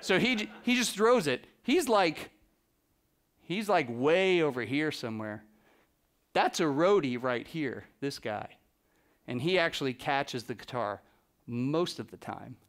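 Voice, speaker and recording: A man giving a live, animated storytelling talk to an audience as a photographer, acting out the people he quotes by dropping his voice. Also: on the high side, measured pace. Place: presentation room with a live audience.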